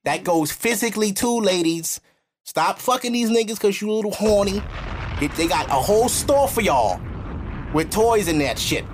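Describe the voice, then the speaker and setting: A young man hosting a podcast, talking bluntly and preaching in a loose, casual way. When he quotes other people, he mimics them in high, mocking voices. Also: animated, moderate pace. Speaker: podcast host.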